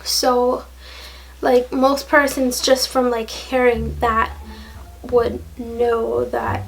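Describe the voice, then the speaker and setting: A woman in her late twenties telling a story in a casual, animated, laughing way, full of slang. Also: on the high side, drawn-out words, gravelly, poor audio. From Jamaica. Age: late 20s. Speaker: vlogger.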